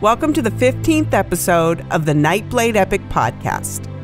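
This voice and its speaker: A woman's voice: medium pitch, big pitch swings, normal speed. A woman hosting a podcast, reading an upbeat scripted intro. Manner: upbeat, announcing. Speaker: podcast host. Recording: music bed behind voice. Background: music.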